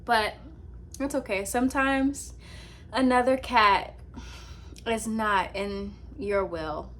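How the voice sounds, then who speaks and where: A woman's voice: fairly high pitch, takes it slowly. Chatty young woman telling a story. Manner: chatty, animated storyteller with many fillers. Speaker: vlogger. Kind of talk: casual storytelling to camera. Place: her apartment at night, indoors. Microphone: laptop with ring light.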